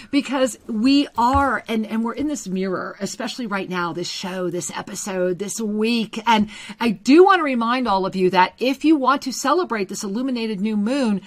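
Effusive woman host, gushing and hushed. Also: on the high side. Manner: effusive, gushing and emotional, often dropping to a hushed voice. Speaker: co-host and intuitive reader. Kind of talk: live call-in spiritual radio show.

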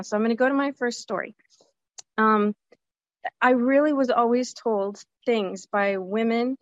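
A woman in her forties hosts her own podcast outdoors at a zoo by a lake, giving a candid, animated personal monologue and sometimes slipping into the voices of people she remembers. Her voice is medium-pitched, with no echo, and the highs are cut off.

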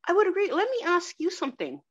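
A woman talking with enthusiasm in a conversational interview, animated and quick to laugh. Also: very high voice. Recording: dull lo-fi sound.

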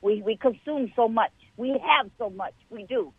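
A woman telling a personal faith story to a church show host in a chatty, animated way. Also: fairly high pitch, moderate pace, breathy edge, dry recording. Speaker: guest caller sharing a testimony. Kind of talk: casual testimony. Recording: tinny phone line.

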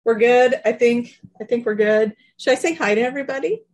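A woman's voice: a little high, a little fast, a little mellow, low-quality recording. A woman co-hosting a casual online show from her bedroom, chatty and laughing, often sidetracked by tech trouble. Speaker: co-host. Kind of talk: casual video-call chat.

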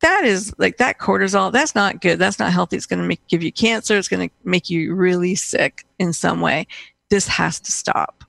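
A woman's voice: fairly low pitch, normal speed, vocal fry, a bit bright, no room sound. A middle-aged woman, a guest in conversation, telling a personal story in a rambling way with many restarts and fillers.

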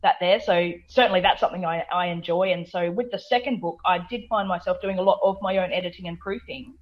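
A woman's voice: lowish voice, fast talker, muffled recording. An Australian woman from South Australia, a guest author chatting in a radio interview, full of fillers, restarts and laughter.

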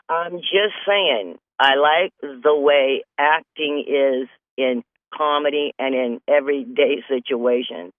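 A man's voice: sits high, unhurried, dry recording. A man from North Carolina hosting a show with a rambling comedy monologue, often laughing at his own jokes. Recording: tinny phone-line sound, dry.

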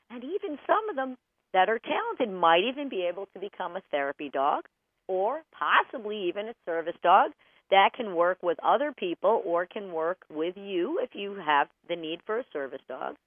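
A woman dog trainer hosting a radio talk show, bubbly and animated, laughing often. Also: mid-range voice, no room sound. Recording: tinny phone-like line, dry.

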